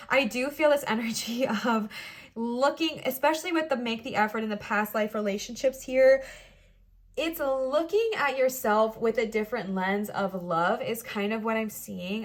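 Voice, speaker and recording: A young woman giving a pick-a-card tarot reading in a chatty, playful, reassuring way, sometimes acting out little quoted voices. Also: a little high. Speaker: tarot reader.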